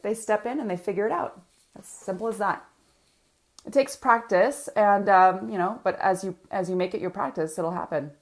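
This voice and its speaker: A woman business coach, talking energetically to viewers in a live coaching session and reading out their comments. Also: mid-range voice.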